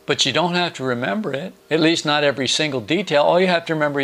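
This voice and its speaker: Middle-aged man, gravelly voice, informal sermon, folksy, wry, sarcastic asides. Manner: animated, with quick jumps in pitch. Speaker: preacher.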